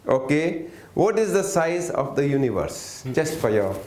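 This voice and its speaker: In an echoey room, a workshop teacher leads an interactive lesson, often putting questions to the audience, waiting for replies and coaxing them to answer. His voice is a little high and a little mellow, with big pitch swings and a slightly slow pace. A faint hiss or hum sits under the recording.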